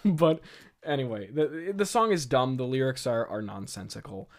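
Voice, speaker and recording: A man's voice: medium pitch, animated, normal speed, gravelly. Rambling, stammering man. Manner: rambling and stammering, with amused asides. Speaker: podcast host reviewing a script. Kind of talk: casual commentary.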